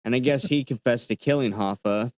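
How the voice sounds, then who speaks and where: A man's voice: mid-range voice, fairly quick, no room sound. A man on a casual podcast, reading out research in a laid-back way and stumbling over names. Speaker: podcast co-host.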